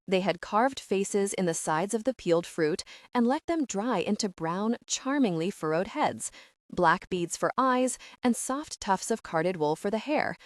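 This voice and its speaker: A woman narrating a historical romance audiobook in an even, measured reading. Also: mid-range voice, dry recording, clean studio sound. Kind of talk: scripted narration.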